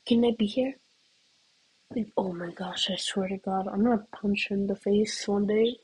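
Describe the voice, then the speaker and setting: A woman's voice: mid-range voice, darkish tone, slightly rough, rough recording. Giggly teen girl rambling. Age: teens. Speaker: student. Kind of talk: casual comedic rant.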